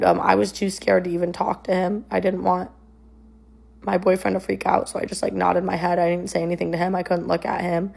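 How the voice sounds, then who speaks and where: A young woman casually retells a personal story, rambling and filling it with plenty of "like" and "um". Her voice is fairly low, creaky, and a little mellow.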